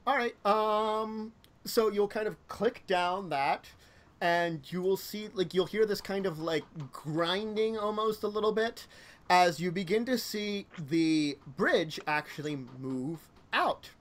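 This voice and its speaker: Guy with a high voice gm-ing a tabletop game, lots of um and like. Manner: loose, halting narration with many ums and likes. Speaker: game master.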